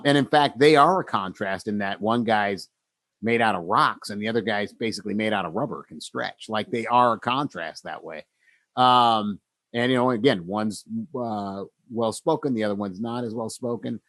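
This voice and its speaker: A man's voice: fairly low pitch, a bit bright, dry recording. Reflective male podcast co-host, dry sound. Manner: reflective, many fillers and restarts. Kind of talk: casual conversational podcast.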